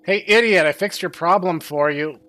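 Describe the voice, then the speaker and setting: A young man doing sarcastic, deadpan commentary while playing a horror game. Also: sits high, normal speed, soft background music. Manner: deadpan, dry sarcastic asides. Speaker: game streamer. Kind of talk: sarcastic let's-play commentary.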